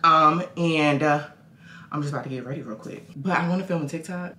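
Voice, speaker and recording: A woman's voice: deep voice, fairly quick, noisy background. A young woman vlogging at home, talking candidly in a rambling, casual way. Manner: rambling, candid, lots of "y'all" and "like". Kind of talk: casual vlog talk. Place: home, indoors. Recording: echoey room.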